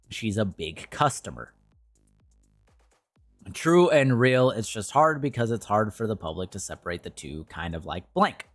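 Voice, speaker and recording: A man's voice: on the low side, dry recording. A young man streaming and commenting casually, ranting in a blunt, profane way.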